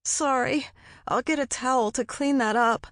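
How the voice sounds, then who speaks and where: A woman's voice: mid-range voice, big pitch swings, a little slow, dry recording, studio quality. A woman narrator voicing the stubborn young heroine in a whiny, protesting tone. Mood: strained.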